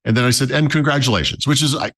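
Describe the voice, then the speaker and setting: A man's voice: mid-range voice, racing, a bit bright, slightly rough. A man talking casually as a tech podcast commentator, wry and chatty, with many fillers and restarts.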